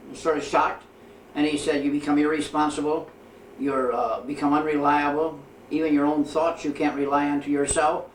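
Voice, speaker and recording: Male interviewee, reflective memoir delivery, voice on the high side, roomy echo, set back from the mic. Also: distant mic. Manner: measured storytelling, quoting dialogue, frequent pauses with "uh". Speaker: interviewee recounting life with his guru. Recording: echoey room, voice from off the mic, faint ambient noise.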